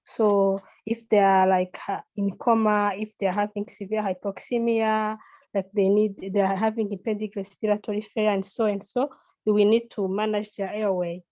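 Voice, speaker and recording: A woman's voice: mid-range voice, little pitch movement, normal speed, mellow. A woman on a medical panel gives direct, practical advice about caring for critically ill patients. She speaks plainly and fills her sentences with uhs and likes as she works through each point. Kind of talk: expert panel discussion.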